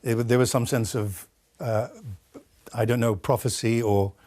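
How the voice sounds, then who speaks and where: A Welsh-born man speaking as a studio guest in a broadcast interview, telling a story with many pauses and fillers. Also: medium pitch, fairly even intonation, warm tone. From Wales.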